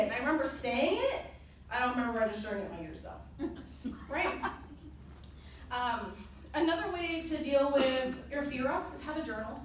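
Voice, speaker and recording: A young woman giving a motivational convention talk, telling personal stories in a lively way and laughing often. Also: sits high. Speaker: presenter at a company convention. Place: large conference hall. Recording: echoey hall from far off, noisy.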